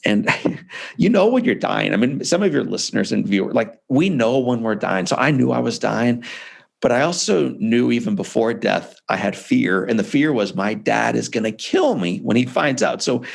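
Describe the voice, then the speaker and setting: A man's voice: medium pitch, animated, moderate pace, vocal fry. A man being interviewed as an author, telling a personal story in an earnest, heartfelt way. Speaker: author and speaker, interview guest.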